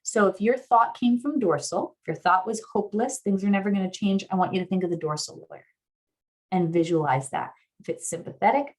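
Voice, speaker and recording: A woman therapist teaching an online workshop, guiding listeners through an exercise in an earnest way, sometimes rising into excited affirmations, heard over a video call. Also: lowish voice. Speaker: somatic therapist guest speaker.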